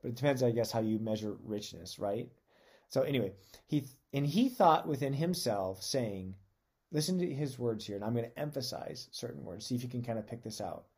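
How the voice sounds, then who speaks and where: Mellow-voiced man giving a conversational sermon. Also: medium pitch, animated, brisk, breathy edge. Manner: earnest, reads scripture aloud with emphasis. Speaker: podcast preacher.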